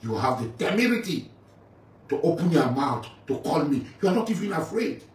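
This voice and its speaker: A man's voice: on the high side, big pitch swings, normal speed. A middle-aged man with a Nigerian English accent, delivering an angry, mocking rant at a rival. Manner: taunting, confrontational, mocking. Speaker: militant leader addressing a rival. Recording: roomy, distant mic with faint ambient noise.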